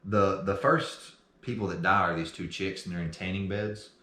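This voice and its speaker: Deep-voiced man rambling in an echoey room. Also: normal speed. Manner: rambling storyteller, acts out quotes loudly. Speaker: podcast co-host. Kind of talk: casual chat.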